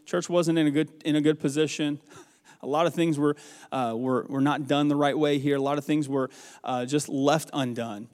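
A man's voice: on the high side, steady tone, normal speed, darkish tone, in a large hall. A man from the American South, preaching a farewell sermon in a church with an earnest, rambling, folksy storytelling manner. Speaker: pastor. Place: church sanctuary.

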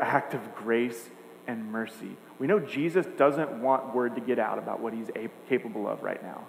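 A man preaching a sermon, earnest and emphatic, building points with repeated phrases. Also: mid-range voice. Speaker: pastor. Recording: echoey hall, faint hum.

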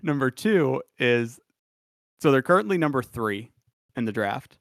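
A man's voice: mid-range voice, very animated, unhurried, creaky, a bit bright, dry recording, clean studio sound. A man co-hosting a sports podcast, chatting casually, rambling and laughing at his own asides. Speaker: podcast co-host.

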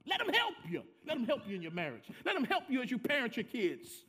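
A man preaching a sermon as pastor, with dramatic swings from soft low asides to loud, high cries. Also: sing-song, fast, few pauses.

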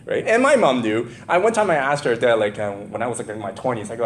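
With hardly any pauses and a quick pace, a medium-voiced, middle-aged pastor moves from reading scripture to recounting personal stories in an animated, loose, conversational sermon. He chuckles often and makes casual asides, over a faint hiss or hum.

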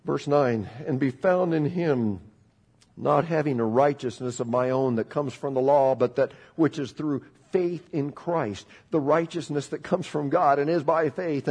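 A middle-aged man preaching a sermon in a husky, slightly breathy voice pitched a bit high. He builds emphasis as he goes and leads the congregation in call-and-response. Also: long reverb tail. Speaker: pastor.

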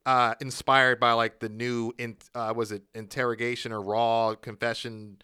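A man's voice: mid-range voice, flat delivery, moderate pace, sharp tone, clear, resonant tone, dry recording, clean studio sound. A man casually recapping a wrestling show on a podcast, rambling with fillers and restarts. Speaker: podcast co-host.

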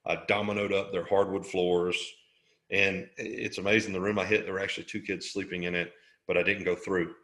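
Guest, middle-aged man, low and forceful voice, casual jokey storyteller. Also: a little fast, reverberant. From Alabama. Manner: animated, jokey storyteller who laughs often. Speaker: interview guest.

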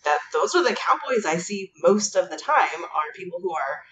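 A woman's voice: lowish voice, sing-song, normal speed, fairly bright tone, a little hiss or hum, poor audio. A woman co-hosting a casual podcast, speaking hesitantly and filling her thoughts with "like" and "um". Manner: hesitant, heavy use of "like" and "um". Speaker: podcast co-host. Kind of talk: casual chat.

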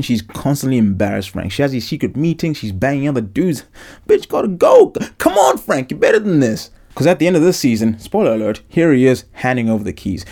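A man's voice: on the low side, vocal fry, warm tone. A young man hosting a podcast, rambling through a profane, joking solo monologue. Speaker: podcast host. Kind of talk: casual comedic monologue.

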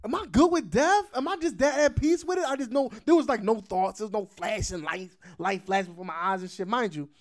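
A man hosting a podcast, telling a story in casual chat, animated and swearing, laughing often. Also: high voice, fairly quick, hardly any pauses. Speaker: podcast host.

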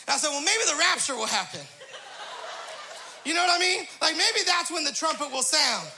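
A man preaching as a pastor, telling a humorous story with frequent laughter and quick praise interjections. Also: very high-pitched, lively intonation, bright, forceful tone, slight background noise.

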